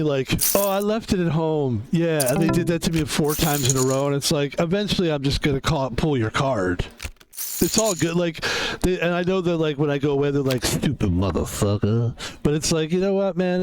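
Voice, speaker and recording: A man's voice: a little high, brisk, a little mellow, faint music behind, rough recording. A man streaming a game and chatting casually, rambling and profane with lots of filler words. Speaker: streamer and security guard.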